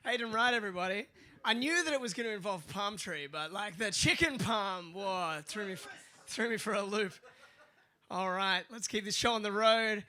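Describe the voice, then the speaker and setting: A man acting as MC, introducing acts with upbeat, energetic announcing at a comedy night. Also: high-pitched, moderate pace.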